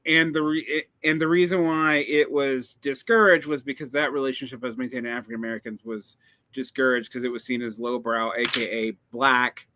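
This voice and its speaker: Bright-voiced man lecturing with many fillers. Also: medium pitch, fairly even intonation, brisk, dry recording. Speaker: host, teacher. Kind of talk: casual conversation on poetry.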